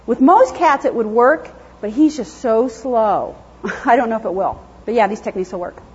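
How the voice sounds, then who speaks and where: A woman's voice: fairly high pitch, normal speed, slight background noise. A woman lecturing on animal behavior to an audience, chatty and self-deprecating, laughing often as she explains. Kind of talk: conference lecture with audience questions. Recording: dull lo-fi sound.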